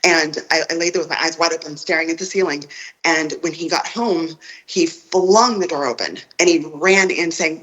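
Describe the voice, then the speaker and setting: A woman on a phone call, recounting a personal story in a halting way, often repeating her words. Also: sits low, fairly bright tone. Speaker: guest telling her own story.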